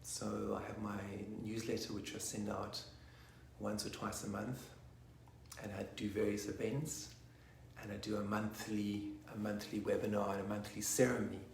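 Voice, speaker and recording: A man leading a guided meditation online, soft-spoken and slipping into whispers at times. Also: lowish voice, flat delivery, moderate pace, vocal fry, a little hiss or hum. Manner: rocks forwards and back while chanting. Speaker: meditation teacher. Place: online session from a room. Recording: roomy echo.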